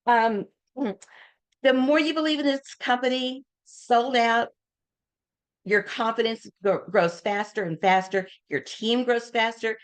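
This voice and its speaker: An older woman speaks as a guest at an informal talk. She tells her stories in a casual, animated way and brings each anecdote to life by acting out the people she quotes. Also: fairly high pitch, a little slow. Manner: lively anecdotes, acts out quoted voices.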